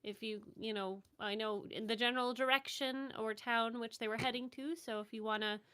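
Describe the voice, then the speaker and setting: A woman playing a tabletop game in character, speaking gently. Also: fairly high pitch, steady tone, moderate pace, clear, resonant tone. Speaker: player. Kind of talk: casual tabletop role-play.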